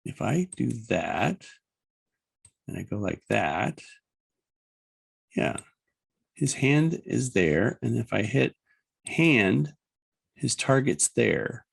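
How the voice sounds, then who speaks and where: Gravelly chatty man teaching animation. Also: medium pitch, big pitch swings, extremely slow, long pauses, dry recording, low-quality recording. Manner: rambling, chatty, thinks aloud with laughs and sound effects. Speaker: animation instructor. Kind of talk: casual screen-recorded class demo.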